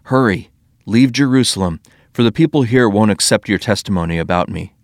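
A man voicing Jesus as a calm, commanding voice from heaven, giving measured commands in a scripture story. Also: fairly low pitch, dry recording, studio quality, natural voice.

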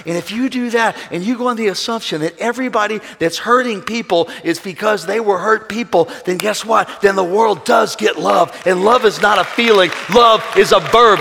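A man preaching a sermon as pastor, swinging between quiet passages and shouted calls for praise. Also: sits high, moderate pace, vocal fry, few pauses, a faint crowd. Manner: preaching with shouted call-and-response bursts and acted quotes. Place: church sanctuary. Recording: reverberant hall with congregation.

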